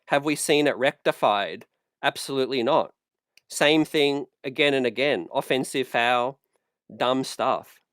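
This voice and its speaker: A man's voice: mid-range voice, a little slow, fairly bright tone, dry recording. Dry-voiced male sports fan host. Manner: conversational, peppered with "you know" and "man", worked up. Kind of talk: casual basketball fan commentary.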